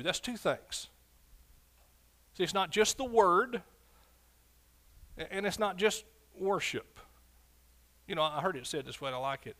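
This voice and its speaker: A man preaching a fervent sermon as pastor, swinging from loud shouts to quiet, low asides.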